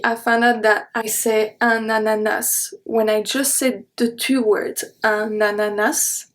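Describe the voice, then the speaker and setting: Slow-speaking woman teaching French pronunciation. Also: on the high side. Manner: slow, careful enunciation of example words. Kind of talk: online language lesson.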